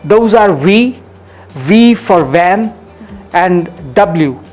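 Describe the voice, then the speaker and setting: A man's voice: high-pitched, lively intonation, drawn-out words, a little mellow, faint music behind. A man with an Indian English accent, an English coach answering interview questions, explaining pronunciation with many ums and uhs.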